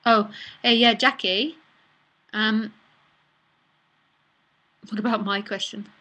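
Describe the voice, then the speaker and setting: A woman hosting a casual live-streamed talk, reading out viewers' messages and answering them in a relaxed, chatty way with soft murmured asides. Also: mid-range voice, takes it slowly. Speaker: nonduality speaker answering live chat questions.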